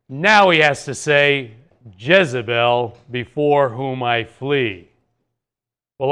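A man's voice: on the high side, sharp tone. A man giving an earnest Bible teaching talk, explaining a passage verse by verse with rhetorical questions.

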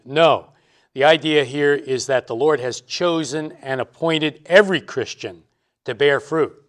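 A man preaching an expository Bible sermon, stressing and repeating his key points. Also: medium pitch. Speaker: pastor.

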